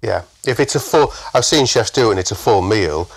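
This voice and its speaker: A man's voice: fairly low pitch, animated, a little fast, vocal fry, slightly rough, no echo. Chatty northern English man. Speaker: chef guest. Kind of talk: casual podcast chat.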